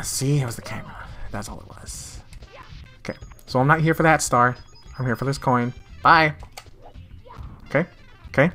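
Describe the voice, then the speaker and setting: A man giving casual, excitable let's-play commentary, swearing and laughing often. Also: a little high, moderate pace, pauses often. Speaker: gamer. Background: faint game music.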